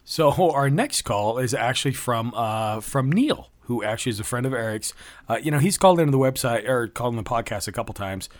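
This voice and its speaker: A man's voice: medium pitch, animated, fairly quick, no echo. A man hosting a podcast, introducing calls and reacting with profane, laughing remarks. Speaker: podcast host. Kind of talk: casual chat.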